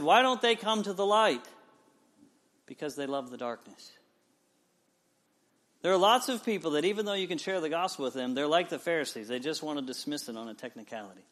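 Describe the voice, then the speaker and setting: A man in his forties, a pastor, preaching a sermon and telling a personal story with lively swings from loud to quiet. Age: 40s. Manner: storytelling with wide swings in pitch and loudness.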